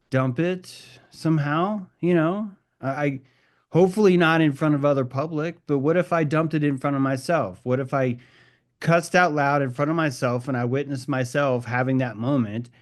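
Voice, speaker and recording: A man leading a reflective group discussion, rambling and musing, often restarting and swearing casually. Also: mid-range voice.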